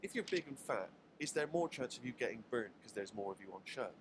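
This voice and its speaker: A man reading his diary aloud in a deadpan, matter-of-fact way. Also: mid-range voice, fast. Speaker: diary writer reading on a radio show. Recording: clip with clear background noise.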